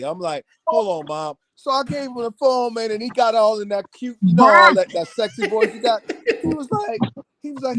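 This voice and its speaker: A man in a music business telling stories over a video call in a lively, casual way, acting out other people's voices and saying "man" a lot. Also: extremely high pitch, normal speed, slight background noise. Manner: animated, acts out quoted voices, says "man" constantly. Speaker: music producer guest. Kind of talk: casual storytelling chat.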